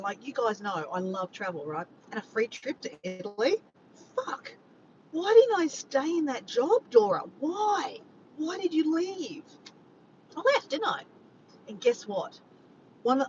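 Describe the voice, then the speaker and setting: Aussie woman chatting on a live stream, jokey and rambling, bit dull lo-fi sound with a low rumble behind. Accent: Australian. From Australia. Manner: chatty, joking, reads chat messages aloud. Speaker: livestream host. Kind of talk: casual livestream chat.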